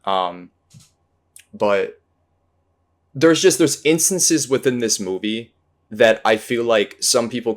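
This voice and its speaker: A man hosting a casual movie discussion, rambling and hesitant, full of fillers and restarts. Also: lowish voice. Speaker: podcast host.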